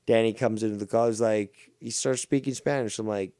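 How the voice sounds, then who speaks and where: A man's voice: on the low side, a little fast, hardly any pauses, warm tone, no echo, studio quality. A man from Ontario, hosting a ranting commentary show with a mocking, profane, insulting manner. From Ontario, Canada.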